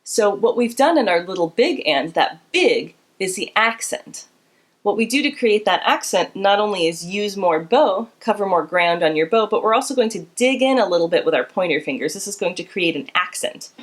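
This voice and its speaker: A woman's voice: medium pitch, expressive, normal speed. A woman teaching a beginner string class, explaining bowing and counting students in with encouragement. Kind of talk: instrument lesson. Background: instrument playing.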